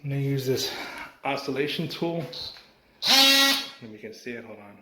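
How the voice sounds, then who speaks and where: A man narrating his home renovation work in a casual how-to style, relaxed and chatty, with frequent ums and asides to viewers. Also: mid-range voice, moderate pace. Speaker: DIY home renovation vlogger. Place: indoors in a small room under renovation. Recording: echoey room, faint noise.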